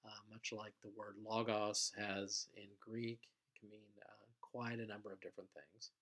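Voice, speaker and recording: A man teaching a recorded vocabulary lesson in a patient, explanatory way, with frequent pauses and fillers. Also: fairly low pitch, level tone, a bit bright.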